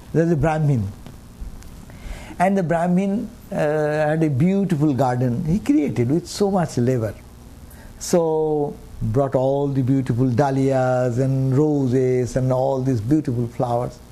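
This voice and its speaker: A man's voice: fairly high pitch, dark tone, slight background noise. An older man giving a humorous spiritual discourse, often chuckling and asking rhetorical questions. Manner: rhetorical, chuckling, asks "huh?" and "is it not?". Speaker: spiritual teacher.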